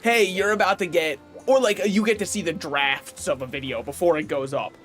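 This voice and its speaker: Male gaming streamer, higher voice, rambling and opinionated, chuckles a lot, faint music behind. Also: normal speed, fairly bright tone. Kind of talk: casual livestream chat while playing.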